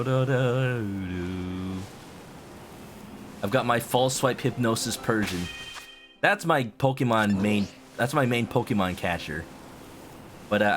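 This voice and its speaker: A man's voice: lowish voice, a bit bright. A man streaming a video game, chatting playfully with his viewers and humming to himself. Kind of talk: casual game commentary. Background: game music.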